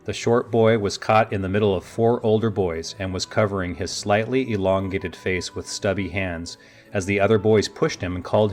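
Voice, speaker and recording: With soft music faintly in the background, a man narrates a fantasy audiobook. His voice sits on the lower side, and his pacing is even and deliberate.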